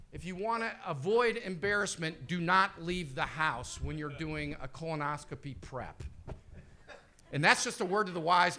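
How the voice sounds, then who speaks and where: A man's voice: on the high side, pushed and bright, slight background noise. A man in his fifties doing rambling, profane, self-deprecating stand-up storytelling. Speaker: comedian.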